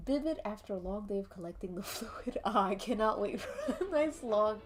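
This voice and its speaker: A woman's voice: medium pitch, very animated, normal speed. A woman streaming while she draws, chatting in a rambling, giggly way and swearing casually. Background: faint background music.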